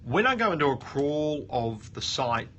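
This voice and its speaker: A man's voice: a little high, very animated, moderate pace, a bit bright, highs cut off, slight background noise. A man hosting a casual screen-share tutorial, thinking aloud and often restarting his sentences. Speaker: host of a web audit show.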